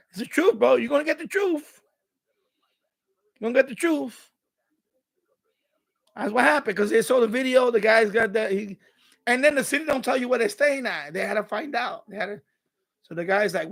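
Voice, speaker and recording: A man's voice: very high voice, moderate pace, vocal fry, long pauses, a bit bright. A man hosting a live stream, ranting in casual commentary with rambling, repetitive, streetwise talk, acting out quoted exchanges.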